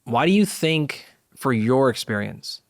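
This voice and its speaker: A man hosting a podcast, asking questions and explaining ideas in a measured, reflective way. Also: mid-range voice, lively intonation, vocal fry, no room sound, clean studio sound. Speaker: podcast host. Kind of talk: interview conversation.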